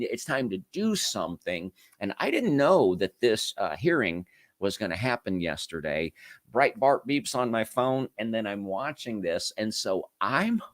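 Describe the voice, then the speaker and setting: A man's voice: fairly low pitch, lively intonation, measured pace, no echo, clean studio sound. A man hosting a casual online political commentary show, talking in a rambling way with many restarts and asides.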